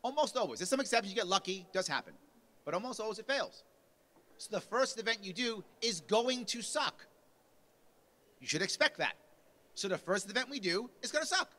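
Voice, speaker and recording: A man gives a punchy motivational speech at a party convention in the lunch hall, acting out quotes with mounting volume. His voice sits high and is animated, bright and forceful, brisk yet marked by long pauses.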